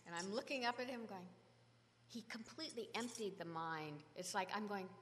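A woman telling a lively story to an audience and acting out the scene. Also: medium pitch, moderate pace. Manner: lively, acts out the scene, laughs. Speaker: devotional musician telling a story. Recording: long hall reverb with faint noise.

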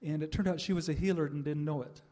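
An older man giving a reflective personal testimony to an audience, pausing often with "uh" and soft laughs. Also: on the high side, steady tone. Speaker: speaker sharing a spiritual life story.

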